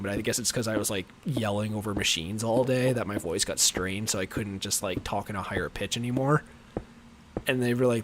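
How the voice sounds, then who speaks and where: Deep-voiced man chatting while gaming. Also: brisk, a little hiss or hum. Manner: rambling, filler-heavy, chuckling. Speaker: livestream gamer. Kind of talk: casual gameplay chat.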